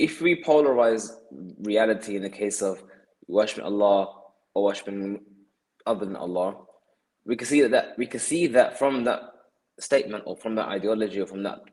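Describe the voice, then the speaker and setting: A man's voice: on the low side, darkish tone, low-quality recording. A man who is a guest on a podcast, explaining earnestly and often restarting and repeating words as he works through his point.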